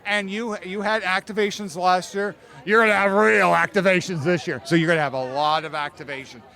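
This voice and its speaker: A man talking about merchandise in an outdoor interview at a theme park. He speaks in an excitable, scattered way, repeating himself. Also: sits high. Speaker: merchandise staff. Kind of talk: casual interview. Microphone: handheld interview mic held close.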